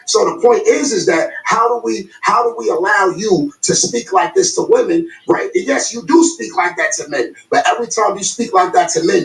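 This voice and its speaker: A man's voice: high-pitched, vocal fry, roomy sound, poor audio. A man, arguing in a heated podcast debate, emphatic and profane, repeating himself to make a point. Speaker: podcast co-host.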